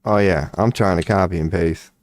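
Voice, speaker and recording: A man's voice: deep voice, normal speed, no room sound. A man hosting an astrology live stream, talking casually and profanely while he works on his computer. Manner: laid-back, profane, muttering while working on the computer.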